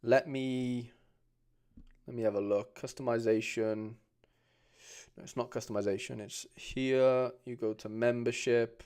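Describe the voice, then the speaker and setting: A man's voice: lowish voice, mellow, clean tone. A man chatting informally on a live stream, answering viewers with frequent restarts and slang. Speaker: streamer reviewing fan card collections. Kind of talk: casual live stream chat.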